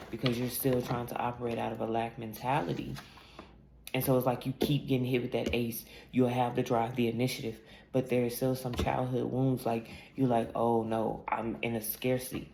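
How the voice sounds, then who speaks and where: A woman's voice: rumbling low, completely flat delivery, a little fast. A woman tarot reader talking through a casual spiritual reading, blunt and emphatic, swearing freely as she tells her own story. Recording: echoey room with clear background noise.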